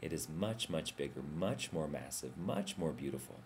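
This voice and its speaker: Gentle, reassuring swan read by a man, deep and low, storybook telling. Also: lively intonation, moderate pace, slight background noise. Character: gentle, patient great swan from the north.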